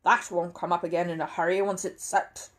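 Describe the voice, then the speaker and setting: A blunt, growling, suspicious neighbor man, played by a woman reading a storybook. His voice comes out loud and clipped, with a husky edge. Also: fairly low pitch, level tone, brisk, natural voice. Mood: gruff. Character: gruff suspicious middle-aged neighbor man.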